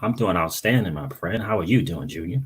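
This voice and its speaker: Low, husky, and a bit grainy, this crypto streamer's voice moves a little fast and stays animated as he welcomes viewers by name. He chats casually straight to his audience, circling back to repeat his own phrases.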